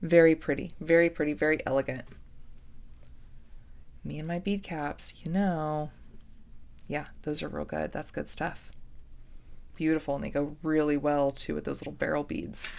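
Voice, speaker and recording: A woman hosting a jewelry-making unboxing vlog, gushing with excitement and often dropping to a soft whisper. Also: low voice, moderate pace, creaky, pauses often. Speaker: jewelry-making channel host.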